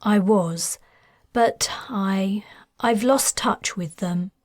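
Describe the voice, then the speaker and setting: A woman voicing a desperate mother searching for her lost children, who speaks in a hesitant, halting way, in an audiobook. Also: medium pitch, dry recording, clean studio sound. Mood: anxious.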